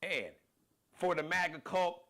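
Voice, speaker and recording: A male host holds forth on a live show with animated, emphatic, slangy commentary. His voice sits a little high for a man. He swings between loud emphasis and quieter asides. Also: takes it slowly.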